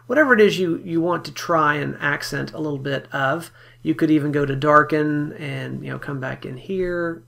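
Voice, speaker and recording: A man giving a relaxed, step-by-step photo editing software tutorial, talking casually with fillers as he works. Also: a little high, normal speed, gravelly. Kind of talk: screen-recorded software tutorial.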